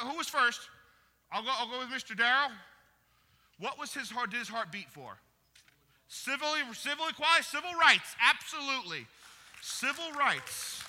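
A man preaching a sermon and quizzing his congregation, moving from quiet teaching to loud cheers for the people who answer. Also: sits high. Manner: lively, swings from quiet teaching to loud praise. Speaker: pastor. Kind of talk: sermon with audience quiz. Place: church hall. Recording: long hall reverb.

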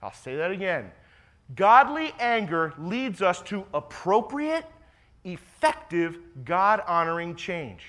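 A male pastor delivering a sermon with a bright, forceful tone. His pitch swings widely as he hammers home repeated phrases, then falls into hushed asides. He sits slightly high for a man. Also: big pitch swings, takes it slowly. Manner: emphatic preaching, repeats key phrases, drops to quiet asides.

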